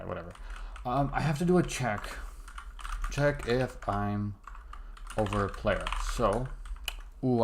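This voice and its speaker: A man's voice: fairly low pitch, gravelly, background noise. A young man muttering to himself as he codes a game, cutting himself off mid-sentence, with keyboard clicks behind him. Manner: muttering to himself, self-interrupting. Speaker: game developer streaming his work. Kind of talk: casual live coding commentary. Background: keyboard typing and mouse clicks.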